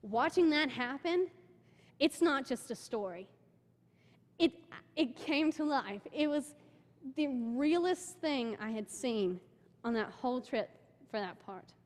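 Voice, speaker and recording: Young woman, slightly high voice, eager church talk with plenty of fillers, long hall echo. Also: slow pace. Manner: excitable storytelling, many "like" fillers. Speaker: church member giving a mission trip report. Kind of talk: informal talk with slides. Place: church sanctuary.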